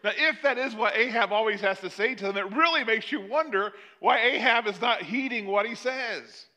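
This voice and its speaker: A man preaching a sermon, retelling a Bible story with animated delivery and acting out the characters' lines. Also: sits high, moderate pace. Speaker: pastor.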